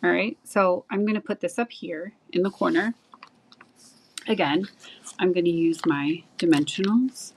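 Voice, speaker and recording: A woman's voice: on the low side, measured pace, a little hiss or hum, poor audio. A woman showing viewers how to make a greeting card, chatting enthusiastically while she works with her hands. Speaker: card-making demonstrator. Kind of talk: casual craft tutorial.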